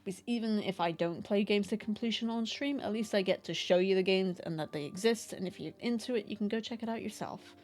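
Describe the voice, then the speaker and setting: A woman's voice: mid-range voice, a little fast, few pauses, darkish tone. A woman chatting casually to her live stream audience, rambling and self-deprecating, laughing often.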